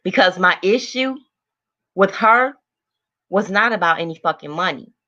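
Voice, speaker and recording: Older woman, livestream host, bright and forceful, blunt and profane, muffled lo-fi audio. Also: medium pitch, expressive, normal speed. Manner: blunt, heavily profane, greets viewers by name. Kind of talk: angry livestream rant to chat.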